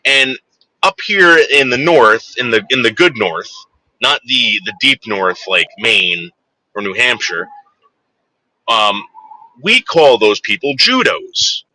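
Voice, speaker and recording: A man's voice: medium pitch, slow, sharp tone, low-quality recording. A man in his forties telling a crude, rambling anecdote, full of fillers and digressions. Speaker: storyteller.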